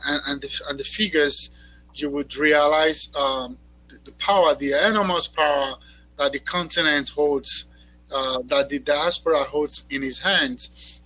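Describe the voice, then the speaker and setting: A middle-aged man opening a conference panel as moderator, speaking in a halting way with many fillers and repeated words. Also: fairly high pitch, pushed and bright, rough recording. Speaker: panel moderator and expo organizer.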